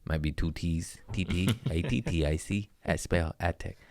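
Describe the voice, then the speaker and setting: A man's voice: low voice, normal speed, gravelly, darkish tone, dry recording. A man hosting a podcast from home, telling loose, jokey stories in casual chat with swearing and trailing asides. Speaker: podcast host. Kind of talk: casual rambling storytelling.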